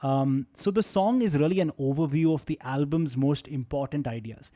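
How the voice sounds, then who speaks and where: A male radio jockey walks listeners through songs in a loose, conversational way. His voice sits a little high and sounds soft and mellow. He keeps asking rhetorical questions as he explains. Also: normal speed. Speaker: radio jockey hosting a music session. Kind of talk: casual music presentation.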